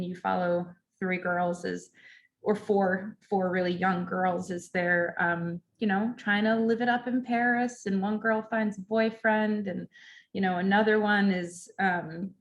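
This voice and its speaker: Chatty woman with many ums. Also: mid-range voice. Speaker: library staff member. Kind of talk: casual book talk. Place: library event, recorded online.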